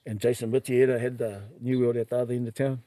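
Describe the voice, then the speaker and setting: Middle-aged New Zealand man, mellow and animated, spinning yarns on a podcast. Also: mid-range voice, quick pace, dry recording. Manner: animated, acts out quoted voices, laughs while telling. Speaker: podcast guest. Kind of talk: casual storytelling.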